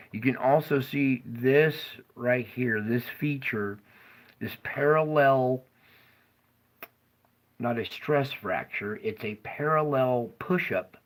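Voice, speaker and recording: Middle aged guy walking thru quake maps, slow drawl, keeps cracking up laughing. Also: mid-range voice, fairly bright tone, poor audio. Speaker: earthquake forecaster. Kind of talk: casual commentary over a map.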